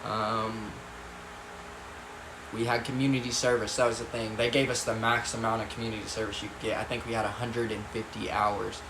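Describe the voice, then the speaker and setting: A man's voice: lowish voice, little pitch movement, brisk, background noise. A young man telling a story casually, with lots of swearing and rambling asides. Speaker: vlogger. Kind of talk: storytime vlog. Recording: echoey room, faint ambience.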